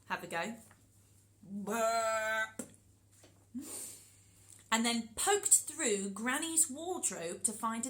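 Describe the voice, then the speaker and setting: Animated woman leading a children's story session. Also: a little high, rough recording. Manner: animated, encouraging, talks to children directly. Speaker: storyteller and workshop leader.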